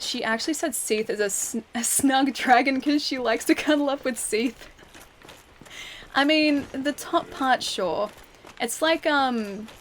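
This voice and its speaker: Aussie girl streaming, kinda high voice, chatty and rambly, slight background hiss. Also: fairly bright tone. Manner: chatty, rambling, answers chat with fillers and laughs. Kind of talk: casual gaming stream chat.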